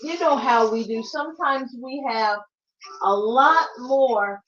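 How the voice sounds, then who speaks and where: A middle-aged woman with a slightly high voice runs a live online sale. She is chatty and animated, and she talks to her viewers like old friends. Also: takes it slowly, dull audio. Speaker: online flash sale host. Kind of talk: live sales chat.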